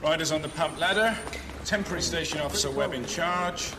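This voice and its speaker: An actor playing a formal firefighter at roll call. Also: male voice, fairly high pitch, a little fast, big-room sound, noisy background, lightly acted. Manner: formal, reciting.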